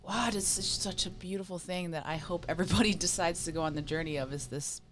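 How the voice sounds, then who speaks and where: A woman co-hosting a casual talk on emotions and spirituality, emphatic and quick to laugh, often checking in with "right?". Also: fairly low pitch, fairly bright tone, slight background noise. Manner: laughs easily. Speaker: co-host.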